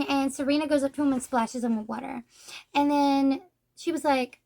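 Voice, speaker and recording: A chatty young woman with a high, light voice talks through a manga volume. Her delivery is casual and loose, with "like" dropped in every few words. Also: steady tone, moderate pace, creaky, dark tone. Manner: chatty, says "like" often. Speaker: manga reviewer. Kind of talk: casual book review.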